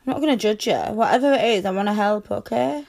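A young woman in a girlfriend comfort audio role-play, speaking in a soothing, tender, reassuring way with soft hushing. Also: mid-range voice, fast talker, creaky.

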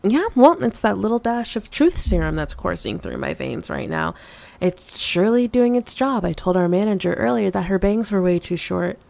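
A woman's voice: medium pitch, expressive, normal speed, creaky, darkish tone, no echo. A woman voicing a flustered, frustrated young woman in an audio role-play, stammering and swearing with many fillers.

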